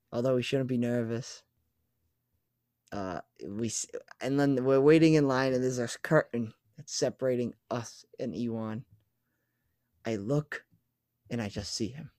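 A young man, a podcast co-host, telling an excited story in casual chat and swearing now and then. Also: mid-range voice, measured pace, long pauses, no room sound, studio quality.

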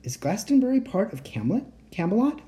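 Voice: mid-range voice, very animated, brisk, mellow, pitched above the performer's own voice, lightly acted. A reader voicing a cheerful, curious young girl in an audiobook story. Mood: eager.

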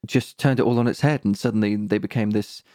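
A man's voice: fairly low pitch, steady tone, quick pace, mellow, no echo, clean studio sound. A man co-hosting a podcast, chatting enthusiastically. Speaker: podcast co-host. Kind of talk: casual chat.

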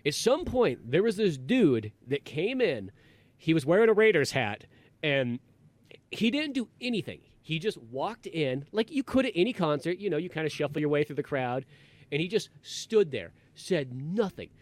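Podcast host, male, slightly higher pitch, rambling casual storyteller, dry sound. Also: normal speed, dry recording. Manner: rambling, animated, acts out quotes in raised voices.

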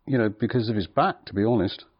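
Dry-witted podcast host, lo-fi sound. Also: male voice, on the low side, fast. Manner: dry, teasing questions. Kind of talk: casual chat.

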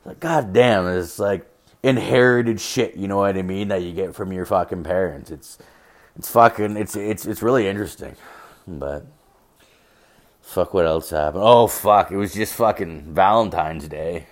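A man's voice: deep voice, normal speed. A young man podcasting alone, telling rambling stories with constant swearing and filler words. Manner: profane, filler-heavy, storytelling. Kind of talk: casual rambling monologue.

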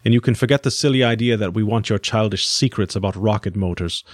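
A man voicing an impassive middle-aged male scientist who holds a prisoner, speaking slowly and without a smile. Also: on the low side, dry recording, studio quality, lightly acted. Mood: cold. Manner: slow, measured, unsmiling.

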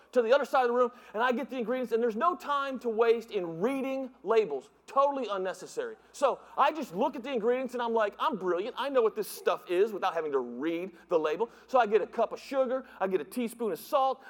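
High-voiced pastor in a reverberant hall. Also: male voice. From northern United States. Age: middle-aged. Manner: animated, joking, mimics voices in his stories. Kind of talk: humorous sermon with storytelling. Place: church sanctuary.

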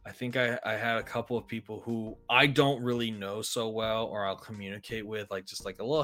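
Brief: male podcast co-host, mid-pitched voice, relaxed chatty delivery, faint music behind. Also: brisk, hardly any pauses. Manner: relaxed storytelling with fillers. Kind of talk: casual chat.

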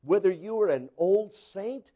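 A male pastor delivering a sermon, swinging between loud exclaiming and hushed asides as he acts out quoted voices. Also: high voice, lively intonation, a little slow, dull audio.

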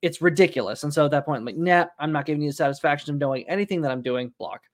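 A man's voice: on the high side, rapid-fire, no room sound, studio quality. A man hosting a casual podcast, rambling and laughing mid-sentence as he tells stories. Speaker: podcast host.

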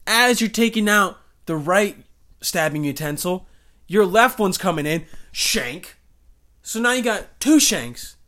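Young man, slightly high-pitched, profane, rambling, comic storytelling. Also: unhurried. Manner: rambling, crude, animated voices for characters. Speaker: comedic storyteller. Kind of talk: profane comedic monologue.

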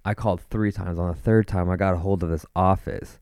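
A man's voice: deep voice, steady tone, brisk, darkish tone, clear, resonant tone, dry recording, studio quality. A young man casually telling a rambling, profane story, full of fillers and restarts. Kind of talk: casual chat.

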